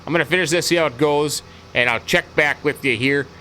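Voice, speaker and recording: A man's voice: fairly high pitch, a little fast, bright, forceful tone, a little hiss or hum, low-quality recording. A man hosting a farming-game let's-play, chatting casually in a folksy, rambling way and repeating his stock phrases. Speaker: gaming channel host.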